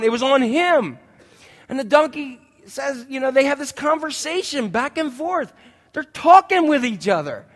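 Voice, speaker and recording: A man's voice: very high-pitched, moderate pace. A man preaching a sermon in a church, telling stories animatedly and acting out voices. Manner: animated storytelling, acts out voices. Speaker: pastor. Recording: long church-hall reverb.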